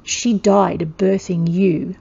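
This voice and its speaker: A woman's voice: lowish voice, steady tone, takes it slowly, vocal fry, mellow, husky, muffled recording, full character voice. A woman voicing a big, treacherous male warrior who snarls with cold spite, in a storybook reading. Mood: menacing.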